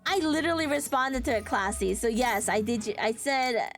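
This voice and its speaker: During a casual live stream of a card game, a woman with a fairly high voice talks at a moderate pace. She's playful and sarcastic with her viewers and laughs a lot.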